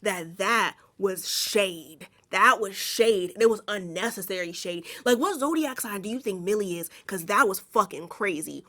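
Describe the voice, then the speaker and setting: A woman's voice: medium pitch, expressive, normal speed, hardly any pauses, fairly bright tone. A young woman recapping a movie in casual, slangy talk full of "like" fillers and swearing. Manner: chatty, slangy and profane, many "like" fillers.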